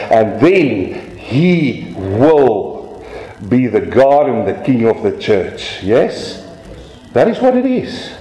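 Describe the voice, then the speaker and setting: A man's voice: mid-range voice, mellow. Emphatic preacher man in an echoey church. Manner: emphatic preaching, acting out voices, rhetorical questions. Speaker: pastor. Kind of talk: sermon.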